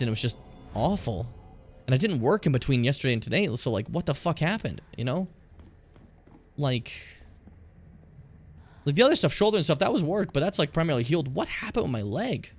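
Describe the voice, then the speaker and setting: A man's voice: medium pitch, expressive, fairly quick, faint music behind. A man streaming a game, chatting in a loose, rambling, self-deprecating way and swearing freely. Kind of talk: casual live-stream commentary.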